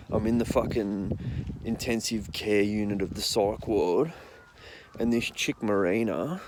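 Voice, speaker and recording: A man's voice: on the low side, a little mellow, slight background noise. A young man with an Australian accent telling rambling, profane anecdotes in a blunt, casual way. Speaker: storyteller.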